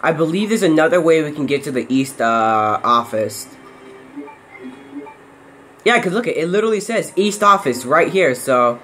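A man's voice: fairly high pitch, animated, normal speed, pauses often, fairly bright tone, soft background music. A young man casually commenting on his own horror game playthrough, jumpy and yelping when startled. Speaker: gameplay commentator. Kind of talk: casual let's-play commentary.

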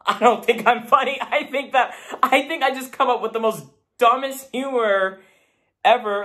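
Lively, light-voiced young man vlogging. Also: high voice, normal speed. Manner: animated, chatty and self-deprecating. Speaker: YouTuber. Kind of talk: casual vlog to camera.

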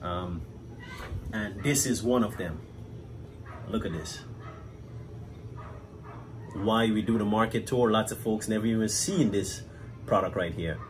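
A man's voice: on the low side, a little slow, pauses often, a little hiss or hum. A man with a Guyanese accent, chatting casually through a cooking demonstration as a cafe owner and often tagging his sentences with "right?".

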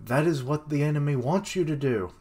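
A man's voice: on the high side, a little fast, a little mellow, voice pushed up, close to an everyday voice. A man voicing a brave young boy lord, declaiming earnestly in a raised voice while reading a comic aloud.

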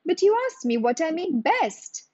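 A woman doing a calm, stubborn cook. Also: extremely high pitch, a little slow, dry recording, lo-fi sound, pitched above the performer's own voice, heavily acted. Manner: calm and blunt. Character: stubborn, proud middle-aged male cook.

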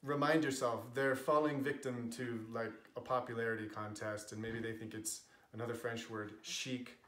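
A man's voice: medium pitch, level tone, fairly bright tone. Give me a man explaining pronunciation firmly, recorded in a roomy, echoey space. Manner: emphatic, opinionated, drawn-out example words. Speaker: pronunciation teacher. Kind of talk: casual explainer video.

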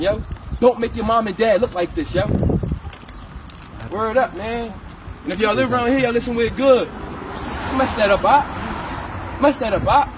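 A man pleads with a group of teenagers outdoors, repeating himself, full of slang and "yo." His voice sits very high and the phone that caught it was well away from him. Street noise is clearly audible. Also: distant mic. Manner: urgent, repetitive, slangy, peppered with "yo". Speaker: passerby addressing teenagers. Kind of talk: impassioned street lecture.

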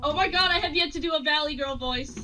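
A woman chatting casually and excitably during a let's play. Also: high-pitched, fast, faint music behind. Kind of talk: casual group gameplay chat.

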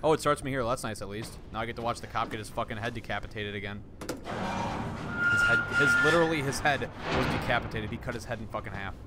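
A young man streaming a horror game, excitably swearing and yelling at what happens on screen. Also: medium pitch, quick pace, very noisy. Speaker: gaming streamer. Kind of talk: horror game let's play. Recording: loud game music behind voice.

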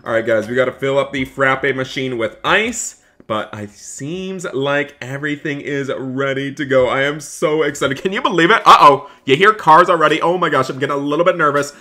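Excitable bright-voiced male gamer. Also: medium pitch, normal speed, few pauses. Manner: upbeat and excitable, keeps addressing viewers as guys. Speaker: gaming YouTuber playing a barista. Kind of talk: game role-play commentary.

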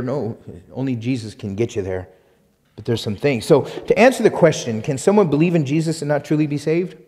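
A man's voice: medium pitch, fast, warm tone, long reverb tail. A man preaching a sermon as pastor, emphatic and repetitive, with rhetorical questions and sudden bursts of force. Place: church sanctuary.

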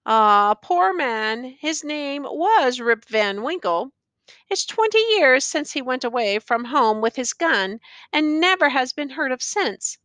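A woman voicing a young village mother who talks plainly and briskly. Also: high-pitched, animated, a bit bright, dry recording, full character voice. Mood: rueful.

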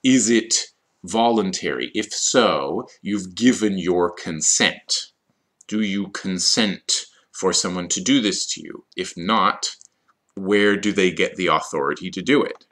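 Low-voiced guy explaining vocab slowly for esl learners, goes over words again. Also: a bit bright. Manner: slow, explanatory, repeats key words. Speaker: ESL teacher. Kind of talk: vocabulary lesson.

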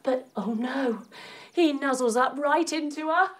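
Playful woman teaching kids yoga, high lively voice, takes it slow. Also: very noisy. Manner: animated, playful, encouraging. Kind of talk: storytelling yoga lesson for children.

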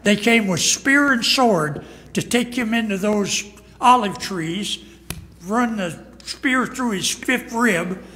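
A man's voice: high voice, pushed and bright, in a large hall. A man preaching a sermon as pastor, emphatic and acting out quoted lines. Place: church sanctuary.

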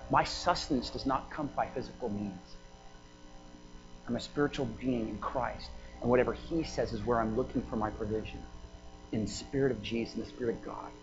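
A man's voice: medium pitch, brisk, highs cut off, music in the background. A man preaching a sermon in a conversational way, with laughing asides and fillers. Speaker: pastor. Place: church prayer house.

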